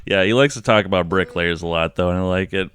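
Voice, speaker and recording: A man's voice: deep voice, fast talker, a bit bright, smooth. A man co-hosting a podcast in casual chat, swearing a lot and trailing off mid-sentence. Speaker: podcast co-host.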